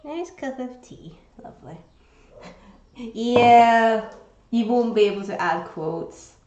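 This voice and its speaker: A young woman livestreams from her home kitchen, chatting casually with viewers, swearing freely and laughing easily. Her voice is a little high with lively intonation and a slow pace, and the muffled recording carries echo and loud background noise.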